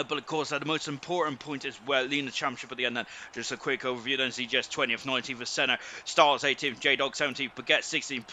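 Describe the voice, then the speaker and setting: A man's voice: medium pitch, sharp tone, a little hiss or hum. A British man commentating a sim racing league live, rambling with lots of fillers and joking about himself. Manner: rambling, filler-heavy, self-deprecating banter. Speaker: esports race commentator.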